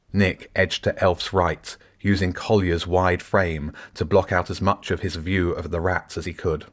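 Deep-voiced man reading a story. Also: level tone, unhurried, hardly any pauses. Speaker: author and reader. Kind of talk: audiobook narration.

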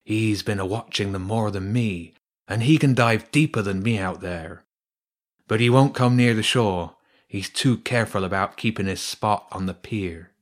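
Man doing a talking cormorant, smooth voice, slow, dry, sarcastic, low. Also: lightly acted. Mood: aloof. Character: aloof smooth-voiced male cormorant bird.

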